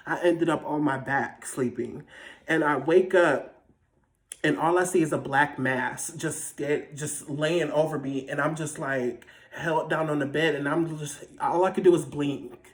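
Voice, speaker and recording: A vlogger casually telling a personal story in a dramatic, animated, slangy way. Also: medium pitch. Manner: slangy, conversational.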